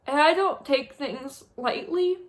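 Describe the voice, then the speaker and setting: A young woman talks to her camera from a small spare room, her voice high and wavering as she holds back tears. She sounds drained and numb, stopping and restarting as she speaks. Her delivery is halting and heavy. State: on the verge of tears. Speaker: vlogger. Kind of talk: tearful monthly review vlog.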